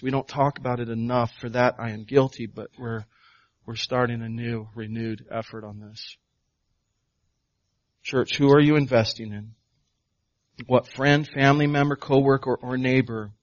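A man's voice: medium pitch, no room sound, dull audio. A male pastor preaching a sermon, firing off rhetorical questions and building to emphatic proclamations.

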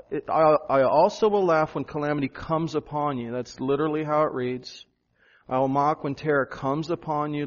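Animated preaching man, slightly dull recording. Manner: animated preaching, rising pitch for emphasis. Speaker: pastor. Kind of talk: sermon.

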